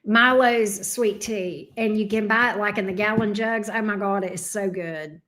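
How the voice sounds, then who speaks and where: A woman's voice: mid-range voice, fairly even intonation, moderate pace, fairly bright tone. A Southern woman from Alabama hosting a live stream, chatting casually and rambling as she reacts to viewer comments. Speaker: tarot reader and live stream host.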